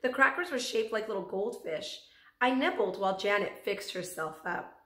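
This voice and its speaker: A woman teacher reads a chapter book aloud to her students in a steady, middle-pitched voice. The recording carries a roomy echo, and she ends with a gentle good night. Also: normal speed. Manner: gentle, warm sign-off. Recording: echoey room.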